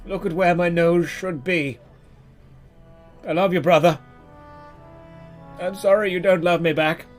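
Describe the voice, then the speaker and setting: A man's voice: high voice, steady tone, a little slow, pauses often, soft background music. A man voicing a faceless younger brother, eerie and pleading, in a strained, plaintive voice.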